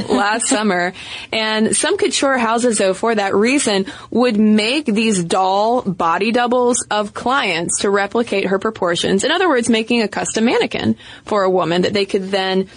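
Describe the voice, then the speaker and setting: A woman co-hosting a podcast, talking in a relaxed, chatty way with playful asides and quick laughs. Her voice sits in a middle pitch and the sound is dry, with no room echo. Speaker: podcast co-host. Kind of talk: casual chat.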